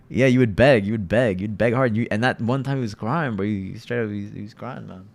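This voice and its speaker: A young male streamer talks through a match with his viewers in a loose, rambling way, tossing "bro" into nearly every sentence. His voice sits a little on the low side, and he circles back over the same phrases as he thinks aloud. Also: brisk. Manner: loose and chatty, peppers talk with "bro" and repeats himself. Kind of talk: casual live-stream gaming chat.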